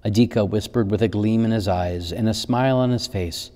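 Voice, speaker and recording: A male pastor reads a children's story in a gentle, unhurried manner. His voice is low and mellow, and a long reverb from the church hall trails behind it.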